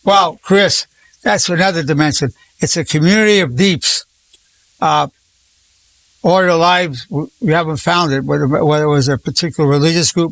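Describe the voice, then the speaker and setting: A man's voice: fairly high pitch, a bit bright. A man in his eighties, a psychologist leading a group session, who talks effusively and keeps repeating words of praise. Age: 80s. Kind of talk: encouraging group talk.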